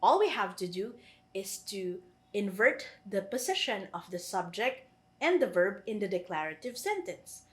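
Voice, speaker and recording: Filipino-accented woman teaching, lively pitch. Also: normal speed. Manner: patient, repeats each French phrase then translates it. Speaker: French teacher. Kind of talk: online language lesson.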